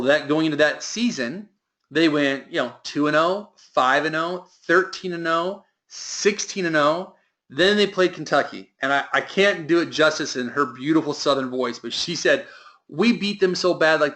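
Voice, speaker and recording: A man's voice: fairly high pitch, moderate pace, sharp tone. A man giving a motivational sales training talk to a team, with emphatic delivery that lifts and drops.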